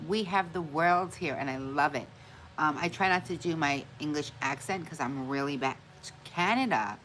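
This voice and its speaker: This livestream host has a low, fairly bright voice with lively intonation at normal speed, heard on a low-quality recording with a little hiss or hum. She chats casually with viewers, greeting each by name and laughing often at her own forgetfulness.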